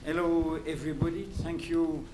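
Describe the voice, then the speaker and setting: A man with a French accent, speaking in English as a journalist giving a prepared lecture, in a deliberate and emphatic manner. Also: a little high, little pitch movement, very noisy. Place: lecture hall. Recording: roomy hall sound, faint ambience.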